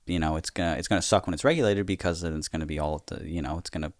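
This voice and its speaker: A man's voice: deep voice, rapid-fire, no room sound, studio quality. A man co-hosting a podcast, frankly telling a personal story in casual chat, swearing freely. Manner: frank, swears freely, retells with acted-out quotes. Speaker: podcast co-host.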